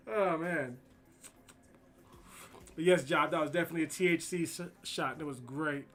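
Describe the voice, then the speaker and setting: A man's voice: a little high, measured pace, fairly bright tone. Slangy, profane man telling stories. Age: adult with kids. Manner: profane, slangy, rambling anecdotes. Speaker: streamer. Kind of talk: casual storytelling while drawing.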